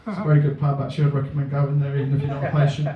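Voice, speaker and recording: A man doing a deadpan, self-mocking stand-up set in a comedy venue. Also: mid-range voice, racing, dull audio, a crowd in the background. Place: comedy venue with a live audience. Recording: echoey room, mic at a distance.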